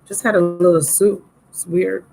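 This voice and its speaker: Using a laptop microphone, a tarot reader gives a laid-back live session, warm and talkative toward viewers though slightly sleepy. Her lowish voice is steady, a little mellow, with vocal fry at a moderate pace, and the audio quality is poor.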